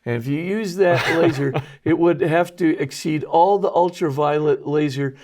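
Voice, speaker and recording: A man who is a Jesuit priest and scholar, a guest on an interview show, explaining technical details in a halting way full of ums and uhs. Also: fairly high pitch, darkish tone.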